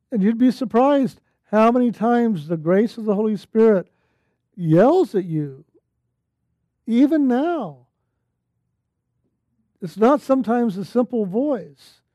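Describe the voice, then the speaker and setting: A man with a high, soft-edged voice gives a spiritual talk at an unhurried pace. He speaks earnestly, at times bursting into loud, laughing exclamations. The recording is dry and slightly dull. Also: dry recording. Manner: slow, earnest, bursts into yelling quotes and laughter. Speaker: spiritual teacher.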